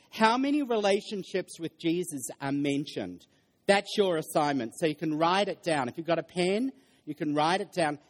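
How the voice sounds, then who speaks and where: A middle-aged male pastor giving a lively sermon in a church hall, joking and putting questions to the congregation. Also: on the high side. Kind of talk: interactive sermon.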